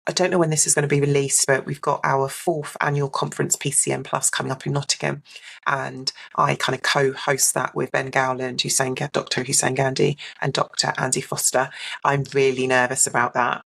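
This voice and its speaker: A woman's voice: extremely low pitch, flat delivery, a little fast, gravelly, slightly rough. A woman giving a candid, reflective personal account as a podcast guest. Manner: reflective and open, mimics others in a brighter voice.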